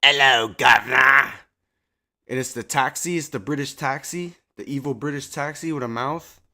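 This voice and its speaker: A man's voice: medium pitch, fairly quick, a bit bright. Profane, rambling male streamer. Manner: profane, rambling, laid-back. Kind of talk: casual live-stream chat.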